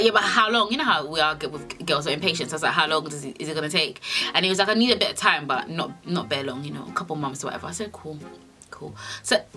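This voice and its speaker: A young woman tells a storytime in an animated, sassy way, and her pitch swings widely as she acts out both sides of the conversation. Her tone is bright and forward. Faint music plays under her voice. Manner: animated and sassy, heavy swearing, acts out dialogue. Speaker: vlogger. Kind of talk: storytime vlog.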